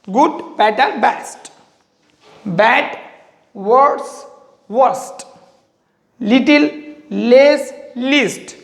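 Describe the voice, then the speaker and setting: Slow, repetitive teacher in an echoey room. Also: mid-range voice. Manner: slow, repetitive explaining, drilling words aloud. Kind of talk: classroom grammar lesson.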